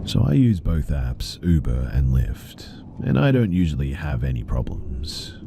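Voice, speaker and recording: A man narrating a first-person horror story in a calm, measured reading. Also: a bass voice, gravelly, noisy background.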